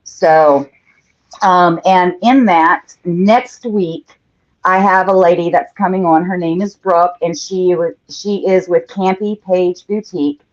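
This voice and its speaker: A woman's voice: fairly low pitch, steady tone, slow. Chatty woman hosting a painting livestream. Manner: chatty, reads out viewer comments as she works. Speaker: host of a live painting show. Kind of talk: casual livestream chat while painting. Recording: dull lo-fi livestream audio.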